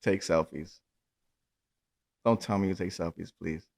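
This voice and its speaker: A man's voice: sits low, fairly even intonation, unhurried, creaky, a little mellow. Casual man. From New York. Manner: loose, filler-heavy, hedging with "like". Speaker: podcast host. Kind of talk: casual chat.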